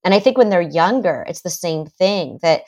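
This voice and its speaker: A woman's voice: lowish voice, lively intonation, moderate pace, a little mellow. A middle-aged woman psychotherapist in a podcast interview, talking animatedly and acting out parents' voices. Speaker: psychotherapist guest.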